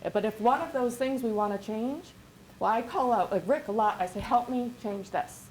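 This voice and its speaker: A woman business coach giving an energetic, rambling workshop lecture with many restarts. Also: fairly high pitch, a little fast, slight background noise, rough recording.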